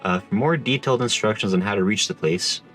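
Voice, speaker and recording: A man voicing a formal, measured naval commander in a game, reading the lines plainly. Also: on the low side, fairly bright tone, faint music behind, close to an everyday voice. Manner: formal, measured, stumbles over names. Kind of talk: reading game dialogue aloud in voices.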